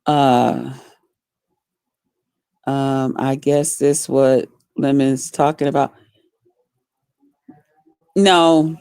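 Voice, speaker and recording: A woman vlogger telling a story in a profane, animated, dramatic way, casual and blunt. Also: deep voice, no room sound, studio quality.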